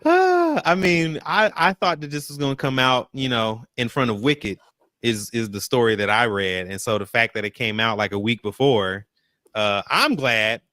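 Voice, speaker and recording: Bright, crisp-voiced man chatting. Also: medium pitch, moderate pace, no echo, clean studio sound. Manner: animated, urging listeners directly. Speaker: co-host of a reaction show. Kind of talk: casual chat.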